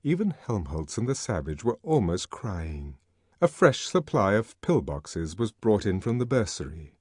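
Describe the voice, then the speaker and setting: Guy reading an audiobook slow, lots of ups and downs, dry close sound. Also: on the low side, slightly rough, no room sound. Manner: dramatic, expressive reading. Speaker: audiobook narrator. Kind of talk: scripted narration.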